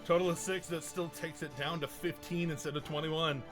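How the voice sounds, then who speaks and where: A man narrating as game master of a tabletop game, excitable and quick to laugh. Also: a little high, music in the background.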